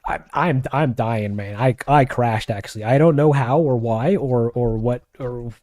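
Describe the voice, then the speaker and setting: A man's voice: mid-range voice, measured pace, darkish tone, close to an everyday voice. A man voicing a panicking, overheating home computer that sounds desperate and strained. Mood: strained panic. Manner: frantic, rising to a strained scream.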